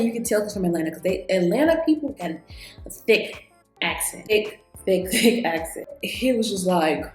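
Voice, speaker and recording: Chatty woman vlogging in an echoey room. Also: medium pitch. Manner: chatty, animated storyteller, talks straight to viewers. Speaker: beauty vlogger. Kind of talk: casual chat while doing makeup. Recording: echoey room with faint background music.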